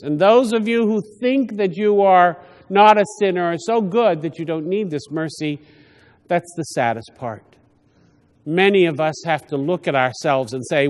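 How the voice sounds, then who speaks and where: A priest with a high, light voice delivers a homily, speaking plainly and often stopping to restart a thought. His words ring out with the long reverb of a church. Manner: conversational, halting with frequent restarts.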